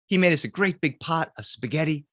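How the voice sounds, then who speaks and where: A man telling a spooky story for children, animated, swinging between loud cries and hushed lines. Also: on the high side, a little fast, dry recording, clean studio sound.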